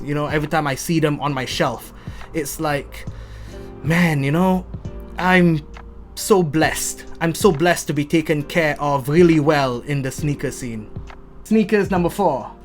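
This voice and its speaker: A young man, telling heartfelt, rambling stories about his sneaker collection and often stumbling and restarting. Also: on the high side. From Malaysia. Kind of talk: heartfelt rambling storytelling to camera.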